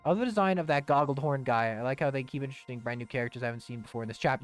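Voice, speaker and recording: A man's voice: mid-range voice, racing, few pauses, no room sound, faint music behind. A young man casually streaming a video game, rambling, swearing and humming to himself. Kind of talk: casual gaming stream chat.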